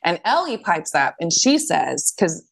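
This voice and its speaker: Speaking unhurriedly in a fairly low, creaky voice, a woman co-hosts a podcast and tells stories in casual chat. She animatedly acts out what people said and swears freely.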